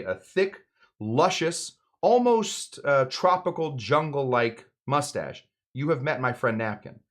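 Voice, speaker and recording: A man hosting a live cocktail show, walking through a recipe with playful, rambling jokes and mumbled asides. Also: medium pitch. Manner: playful, rambling, swings between loud emphasis and mumbled asides. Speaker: home bartender host. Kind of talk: jokey live cocktail demo.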